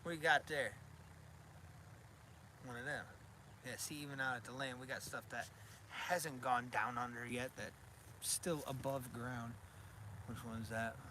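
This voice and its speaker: A man's voice: steady tone, unhurried, long pauses, sharp tone. A man hosting a survival channel, chatting casually and rambling on a live stream from his rural land. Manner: rambling, talks to his dog in a high baby voice. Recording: noisy outdoor live stream.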